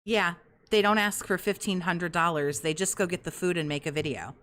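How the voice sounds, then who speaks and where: A woman's voice: lowish voice, normal speed, a bit bright. A woman hosting a commentary show, reacting to clips in a sarcastic, scornful way and swearing freely. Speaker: commentary podcast host.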